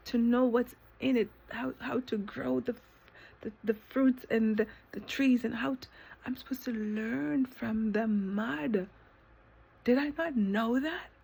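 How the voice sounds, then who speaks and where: Woman, vlog self-talk, slightly high and husky, impassioned and repetitive, swears freely, halting restarts. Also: darkish tone. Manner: impassioned, repetitive, swearing, sometimes dropping to a whisper; halting restarts when emotional. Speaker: vlogger. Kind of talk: emotional self-talk monologue.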